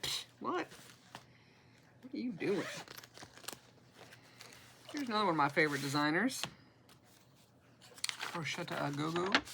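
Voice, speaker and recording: A chatty woman shows off her stitching projects in a relaxed, self-deprecating way. Her fairly low voice has a gravelly edge. Faint noise hums behind her. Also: low-quality recording. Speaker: cross-stitch vlogger. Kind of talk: casual show-and-tell chat.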